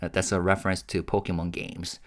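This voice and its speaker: Low-voiced man translating with chuckles. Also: a little fast, creaky. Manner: relaxed, chuckling, hesitant with many fillers. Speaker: YouTube host translating a livestream. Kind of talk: casual reaction commentary and live translation.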